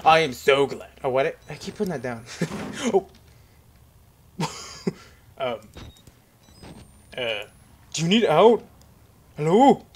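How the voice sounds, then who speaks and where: A man's voice: medium pitch, husky. Jittery young man commentating a horror game. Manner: jittery, rambling, jokey, talks to game characters. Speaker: gaming commentator. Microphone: headset.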